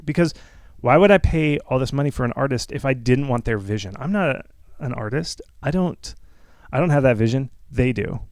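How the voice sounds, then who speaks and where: A man's voice: mid-range voice, animated, normal speed, darkish tone, clear, resonant tone, dry recording. A man hosting a game-marketing talk, rambling through casual advice with many restarts and acted-out upbeat feedback lines.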